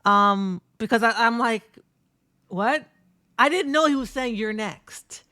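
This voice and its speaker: A woman recounting a tournament over her match footage in a candid, profane, animated way. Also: fairly high pitch, moderate pace, no room sound, clean studio sound. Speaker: streamer and competitive fighting game player.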